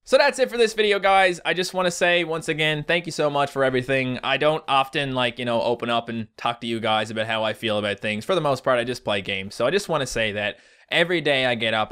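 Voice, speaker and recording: A man's voice: medium pitch, fairly bright tone, clean tone. A young man from Newfoundland, a gaming YouTuber, chatting casually and earnestly as he answers viewer comments. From Newfoundland, Canada. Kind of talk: casual comment-reading vlog.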